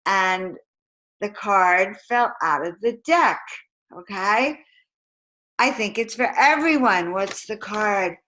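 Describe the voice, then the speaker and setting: A woman's voice: mid-range voice, slow pace, pushed and bright, low-quality recording. Woman leading spirited affirmations. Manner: emphatic, chanting affirmations, calls and responses. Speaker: spiritual teacher and card reader. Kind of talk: live motivational talk with affirmations.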